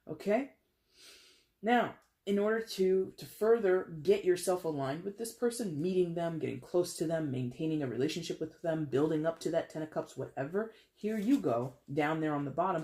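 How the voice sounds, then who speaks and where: Excitable chatty tarot reader. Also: medium pitch. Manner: excitable, addresses viewer directly, repeats words; casual and chatty with restarts. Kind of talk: tarot reading for viewers.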